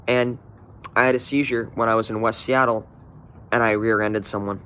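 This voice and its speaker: A man's voice: lowish voice, steady tone, moderate pace, bright, forceful tone, clean tone. Blunt, profane young man telling his story. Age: 20s. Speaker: vlogger. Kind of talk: personal story vlog.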